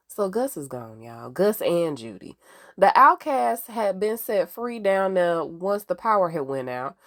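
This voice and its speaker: Animated, slangy woman recapping a TV show. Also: fairly low pitch, a little slow. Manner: animated, slangy, chatty, talks straight to viewers. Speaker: TV recap host. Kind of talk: casual TV recap.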